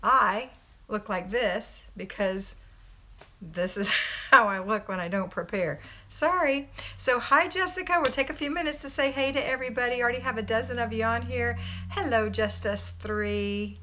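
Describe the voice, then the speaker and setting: A woman's voice: a little high, moderate pace, pushed and bright. Chatty woman hosting a home livestream. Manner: chatty and upbeat, reads out viewer names. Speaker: homemaking coach and livestream host. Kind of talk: casual live-stream chat, greeting viewers then giving advice.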